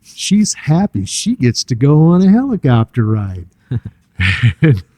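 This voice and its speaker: An older man sharing a personal testimony in an interview, telling his story in an earnest, halting way with many fillers and restarts. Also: medium pitch, sing-song, warm tone, no room sound. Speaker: church guest sharing a testimony.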